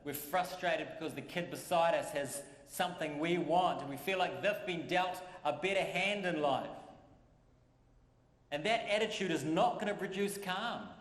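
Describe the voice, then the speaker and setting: Man, pastor, conversational sermon, fairly high voice, long church reverb. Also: moderate pace, fairly bright tone. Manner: conversational, repeats phrases for emphasis. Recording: echoey church hall.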